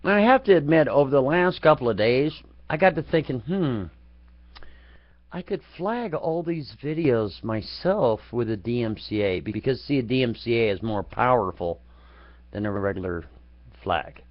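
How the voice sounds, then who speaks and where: A man's voice: mid-range voice, animated, moderate pace, no echo. A man hosting a live chat broadcast, rambling in a profane, taunting and mocking way. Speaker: chat room moderator. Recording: dull lo-fi, dry.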